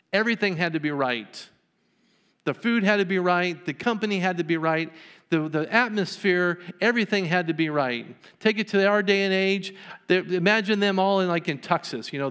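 A man preaching a sermon, his voice sitting a bit high for a man. He retells a story, acting out the people in it as he goes. The church around him rings with a long reverb. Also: a bit bright, clean tone. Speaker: pastor.

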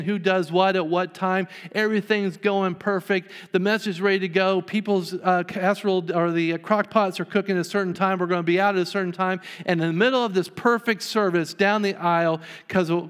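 A man preaching a sermon, his voice sitting a bit high for a man. He retells a story, acting out the people in it as he goes. The church around him rings with a long reverb. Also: steady tone, moderate pace, hardly any pauses, a bit bright, clear, resonant tone. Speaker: pastor.

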